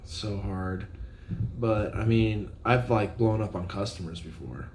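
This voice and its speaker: A man's voice: on the low side, measured pace, a little hiss or hum. Laid-back, foul-mouthed young-sounding guy telling a story. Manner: laid-back, swears a lot, rambling with fillers. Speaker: podcast co-host. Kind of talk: casual chat, storytelling. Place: informal home podcast setup.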